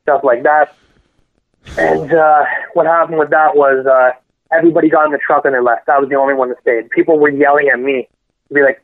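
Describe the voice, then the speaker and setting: A man guest on a podcast telling a painful personal story in a halting, earnest way, often correcting himself. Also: on the high side, fairly even intonation. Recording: phone-line audio.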